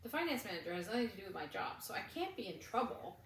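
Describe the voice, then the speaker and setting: A woman's voice: medium pitch, sing-song, quick pace, roomy sound, recorded from a distance, low-quality recording. A woman co-hosting a casual craft chat, telling stories in a chatty way with frequent laughter. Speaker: podcast co-host.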